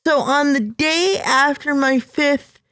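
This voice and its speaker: A woman's voice: high-pitched, takes it slowly, fairly bright tone, dry recording. A young woman, a podcast guest, telling a personal story with earnest emotion. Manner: earnest, emotional, acts out her younger self.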